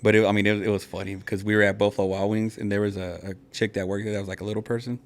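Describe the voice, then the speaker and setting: Fast-talking low-voiced man telling stories. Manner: animated storyteller, acts out voices in anecdotes. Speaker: podcast host. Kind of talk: casual chat.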